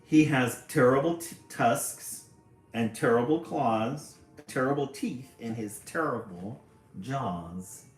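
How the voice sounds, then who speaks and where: A man reading aloud the part of a bold little storybook mouse, brisk and lively. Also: mid-range voice, roomy sound, soft background music, lightly acted.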